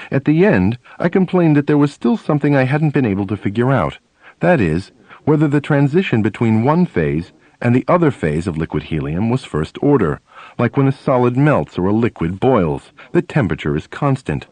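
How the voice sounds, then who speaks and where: A man narrating a first-person memoir audiobook, telling stories in an animated way. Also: medium pitch, no echo. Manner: animated storytelling, acting out dialogue.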